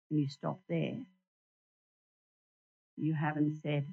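A woman giving an animated sermon in a church, asking the congregation questions and showing them props. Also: sits low, slow, gravelly, pauses often, breathy edge. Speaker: church speaker. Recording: dull lo-fi recording.

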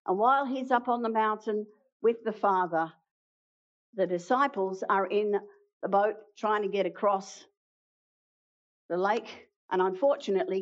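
A woman preaching a sermon, retelling a story with dramatic pauses and acted-out quotes. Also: lowish voice. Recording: dull lo-fi sound.

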